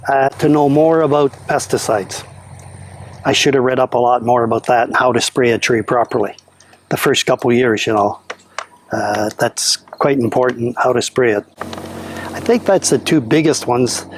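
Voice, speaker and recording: A man from Canada talks in an easy, plain-spoken way, with a lot of fillers. His voice sits at an ordinary middle pitch. A faint outdoor hum runs underneath. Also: moderate pace. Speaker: mango farm owner. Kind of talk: casual interview. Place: outdoors on a farm.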